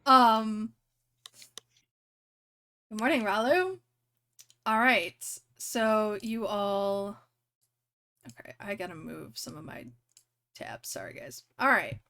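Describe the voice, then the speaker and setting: A woman's voice: medium pitch, expressive, slow pace, pauses often, bright, forceful tone. A young woman running a tabletop game on a live stream, rambling with many fillers and restarts. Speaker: game master.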